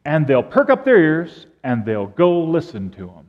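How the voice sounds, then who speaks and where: A man's voice: a little high, huge pitch swings, normal speed. A man preaching a sermon as pastor, telling stories animatedly and acting out the bleats and calls of sheep. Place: church sanctuary. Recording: dull sound with long church reverb.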